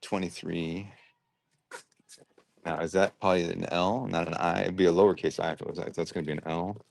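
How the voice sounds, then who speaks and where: A man's voice: deep voice, steady tone, a little fast, creaky, darkish tone, slight background noise. A man hosting a livestream, chatting casually and thinking aloud while he sorts and packs orders. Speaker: livestream host sorting and packing toy brick orders. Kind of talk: casual chat while working.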